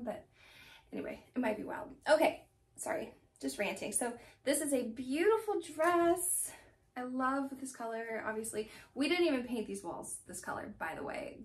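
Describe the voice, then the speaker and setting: A woman's voice: on the high side, creaky, distant mic. A young woman chatting casually at home about her thrift haul, rambling and laughing often. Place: home room.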